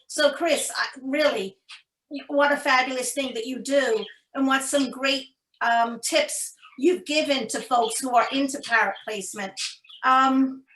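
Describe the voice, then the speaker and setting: Woman on a zoom call asking a question, high bright voice, kinda echoey room. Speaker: audience member asking a question. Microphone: video call.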